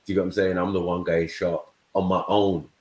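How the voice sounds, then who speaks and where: A man from England with a low, level, slightly mellow voice talks a little fast as host of a casual live panel chat. He tells stories about growing up, often checking in with "you know what I mean." The room is echoey, with slight background noise.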